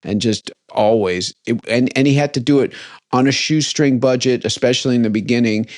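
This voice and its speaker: A man co-host tells stories in relaxed, halting chat, full of restarts. His voice is mid-pitched for a man. The recording is dry and close. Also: no echo. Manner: storytelling, halting with restarts and fillers. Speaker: podcast co-host. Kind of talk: casual chat.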